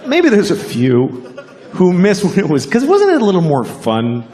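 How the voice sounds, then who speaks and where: A man doing a stand-up comedy set, delivering deadpan and acting out voices. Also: sits high, normal speed. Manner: deadpan, acts out voices in quotes. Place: theater stage before a live audience. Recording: live show with crowd noise and laughter.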